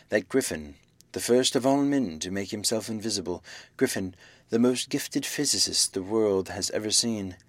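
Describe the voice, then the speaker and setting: A man giving a measured, expressive audiobook reading of a classic novel. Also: on the low side, no room sound. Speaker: audiobook reader. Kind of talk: scripted narration of a classic novel.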